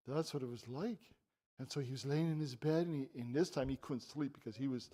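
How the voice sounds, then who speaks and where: An older man, a visiting preacher in a church, telling a Bible story to children in an animated way and asking them questions. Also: mid-range voice, fast talker.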